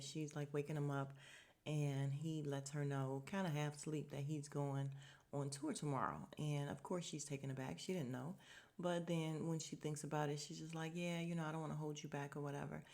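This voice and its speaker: A woman podcast host giving a casual, chatty episode recap, expressive, with slangy asides to listeners and frequent laughs. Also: low voice, creaky.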